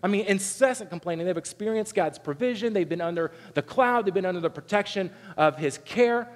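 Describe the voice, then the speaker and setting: A man preaching a sermon to his congregation, animated, sometimes acting out voices in quoted lines. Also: sits high, brisk. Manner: animated preaching, acts out quoted complaints in a raised voice. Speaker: pastor. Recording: long hall reverb.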